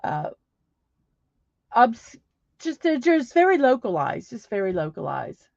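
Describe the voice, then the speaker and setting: A woman's voice: on the high side, big pitch swings, a little slow, vocal fry, a little mellow, dry recording. Middle-aged female streamer, chatty and meandering, dry slightly muffled home mic. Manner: rambling, many fillers and restarts. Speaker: livestream host. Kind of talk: casual chat reading viewer comments.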